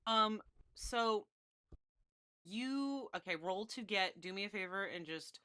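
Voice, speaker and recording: Bright-voiced woman running a tabletop game. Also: medium pitch, takes it slowly, clean tone. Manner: laughing, casual and animated. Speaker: game master.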